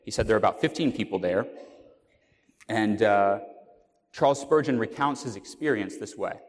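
A man's voice: on the low side, normal speed. A man preaching a sermon, telling a story earnestly with fillers and restarts. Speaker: pastor. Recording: long hall reverb.

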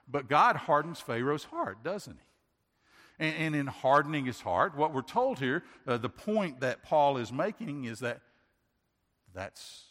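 A man's voice: mid-range voice, a bit bright. A pastor giving a sermon in an earnest way, asking rhetorical questions and often restarting his sentences. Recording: long hall reverb.

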